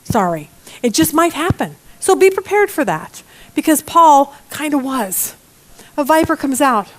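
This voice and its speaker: A middle-aged woman teaching a Bible study lesson in a lively, expressive way, with joking asides. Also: sits high, measured pace.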